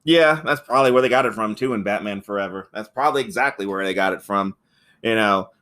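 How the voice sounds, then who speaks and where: A rambling, foul-mouthed man in a casual podcast chat. He talks at an ordinary pitch, tells the story in loose stretches and keeps acting out the lines of the people he describes. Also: quick pace, a bit bright. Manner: rambling, swears a lot, acts out quotes. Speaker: podcast co-host reviewing a film.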